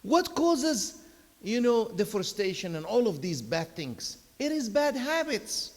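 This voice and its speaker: A man with a high voice gives a Friday sermon in a mosque prayer hall, and his words ring out with a long reverb. He preaches in a chatty way, pushing hard on key words, then drops to a soft voice for stories and asides. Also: big pitch swings, unhurried. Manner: conversational preaching with emphatic bursts and soft storytelling asides. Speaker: imam giving Friday khutbah.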